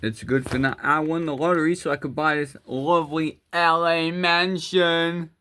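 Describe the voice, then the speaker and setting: A man performing a crude, improvised comedy skit with toys, swearing and rambling as his voice jumps between high and low. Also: fairly even intonation, moderate pace, bright, forceful tone, clean tone.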